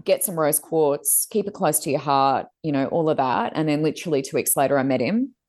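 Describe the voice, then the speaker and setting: An Australian woman co-hosting a casual chat, telling stories animatedly and mimicking others with big pitch jumps. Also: animated, brisk, a little mellow. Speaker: co-host.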